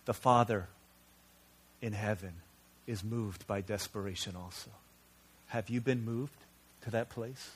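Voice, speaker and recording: A man's voice: lowish voice, a little slow, pauses often, slight background noise. A man preaching a sermon as a pastor, telling stories in an earnest, conversational way.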